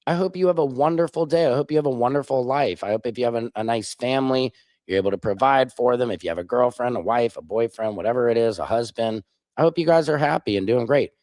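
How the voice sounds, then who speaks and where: A man's voice: medium pitch, fast talker, a little mellow, dry recording, studio quality. A man in his forties from Missouri, hosting a casual live stream and trading sarcastic banter with viewers in chat. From Missouri, USA. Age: 40s.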